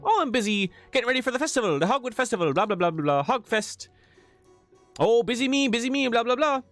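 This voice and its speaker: Man doing a bubbly Irish woman, very high voice, quick and chirpy, busy and friendly. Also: lively intonation, a bit bright, faint music behind. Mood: chirpy, bustling. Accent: Irish (put on). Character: upbeat friendly Irish townswoman, busy mayor's assistant.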